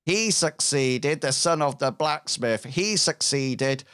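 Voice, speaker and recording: A man's voice: medium pitch, animated, slow pace, fairly bright tone, clean tone. A man narrating a tabletop game as game master, hesitant and full of fillers.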